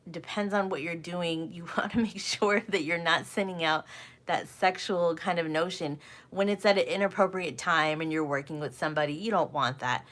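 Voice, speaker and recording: A woman's voice: fairly low pitch, moderate pace, fairly bright tone. A middle-aged woman giving a live coaching talk, earnest and full of rhetorical questions that she often repeats. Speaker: communication coach.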